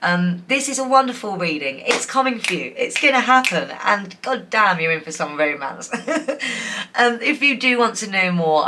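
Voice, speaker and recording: Woman tarot reader, pick-a-card style, lowish bright voice, loose and giggly delivery full of fillers. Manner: chatty, giggly, warm and encouraging, many fillers.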